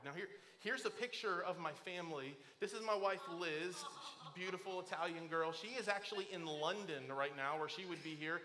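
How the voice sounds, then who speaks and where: Middle-aged male pastor, high, bright and forceful, animated storyteller who acts out the voices in his stories. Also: a little fast. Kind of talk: sermon. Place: church auditorium.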